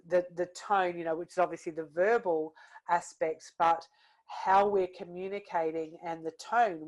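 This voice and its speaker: British woman giving a webinar, kinda low voice, lots of "you know"s, chatty and relaxed, on a computer mic. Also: low-quality recording. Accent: British English. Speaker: webinar presenter on workplace wellbeing. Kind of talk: casual spoken webinar talk.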